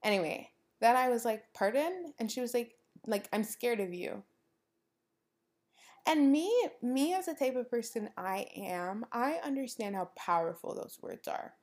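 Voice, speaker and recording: A woman's voice: on the high side, normal speed, hardly any pauses. A young woman hosting a podcast, talking casually and acting out what people said in her stories. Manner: animated storytelling, acts out quoted dialogue; frequent "like" fillers. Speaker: podcast host. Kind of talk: casual monologue.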